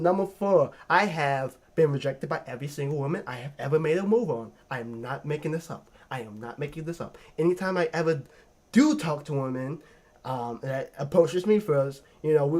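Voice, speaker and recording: Man, video host, slightly high voice, animated joking rant, lots of cursing. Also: normal speed. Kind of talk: casual ranking commentary.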